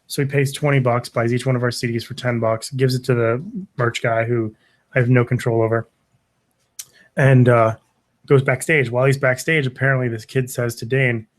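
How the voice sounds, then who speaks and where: A man's voice: mid-range voice, moderate pace. A man, a podcast guest, telling a story in casual chat, swearing and acting out what others said. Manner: animated, acts out quoted voices, swears often.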